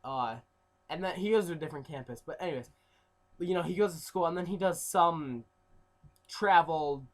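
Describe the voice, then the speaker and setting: A young man telling a rambling story in a casual vlog, full of fillers, swinging between loud outbursts and mumbled asides. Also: a little high. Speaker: YouTuber.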